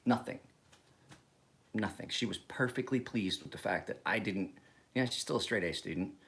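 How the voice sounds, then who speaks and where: Man, forties, lowish voice; profane, laughing vlog storyteller. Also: moderate pace, creaky, a bit bright. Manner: profane, chuckling, rambling storyteller. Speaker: knife sharpener vlogger. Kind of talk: casual rambling monologue.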